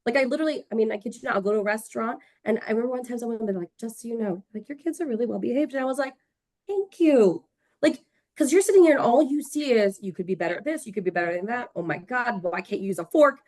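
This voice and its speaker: A woman speaks very fast in a fairly high voice during a casual panel chat. She's expressive, acts out quotes in her stories, and sometimes drops to a whisper. The sound is dry and close, with no room echo.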